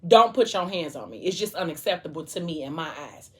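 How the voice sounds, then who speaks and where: Animated woman chatting about a book. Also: on the low side, a little fast. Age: adult. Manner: animated, emphatic and colloquial. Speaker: vlogger. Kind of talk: casual book discussion.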